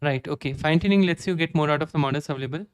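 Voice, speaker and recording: Indian-accented young man, live coder, smooth clear voice, slightly high, dry close sound. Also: very fast, dry recording. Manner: reads docs aloud, frequent "okay" fillers. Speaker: live-coding streamer. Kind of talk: casual live coding, thinking aloud.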